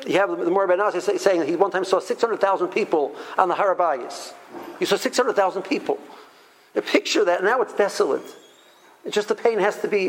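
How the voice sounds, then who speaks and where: A man's voice: high voice, rough recording. A middle-aged man teaching a Torah lesson in an emphatic storytelling way, mixing in Hebrew terms and often stumbling over repeated words.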